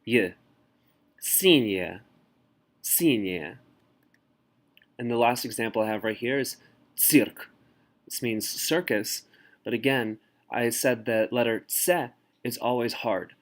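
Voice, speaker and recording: A man teaching a language lesson in a relaxed, casual way, slowly sounding out example words. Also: medium pitch.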